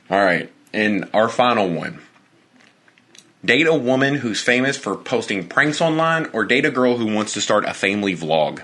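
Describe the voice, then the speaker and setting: A man's voice: lowish voice, very animated, moderate pace, a bit bright. A young man co-hosting a casual podcast, rambling and swearing as he acts out imagined exchanges. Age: young adult. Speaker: podcast co-host. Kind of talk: casual chat.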